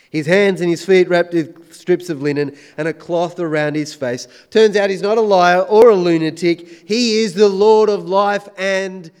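A man preaching a sermon, swinging between loud emphatic declarations and hushed, intense questions. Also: a little high, clean tone.

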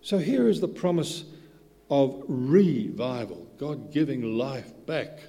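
A man preaching a sermon, swinging between soft asides and loud, emphatic bursts. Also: medium pitch, animated, takes it slowly. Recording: hall reverb.

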